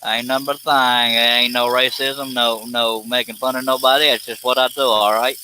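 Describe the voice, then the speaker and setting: A man's voice: medium pitch, level tone, a little fast, pushed and bright, a little hiss or hum. A man voicing a laid-back streetwise young guy who talks in loose slang. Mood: swaggering.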